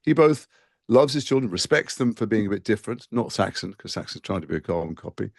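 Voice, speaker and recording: Fast-talking gravelly low-voiced man. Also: animated, no echo, clean studio sound. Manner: talks fast with frequent restarts and fillers. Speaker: actor interviewed as guest. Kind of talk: conversational interview.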